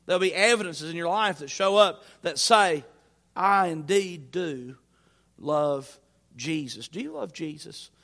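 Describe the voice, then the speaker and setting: Male pastor, high voice, folksy conversational sermon, long church reverb. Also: unhurried, a bit bright. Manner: folksy, conversational preaching with rising emphasis. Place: church sanctuary.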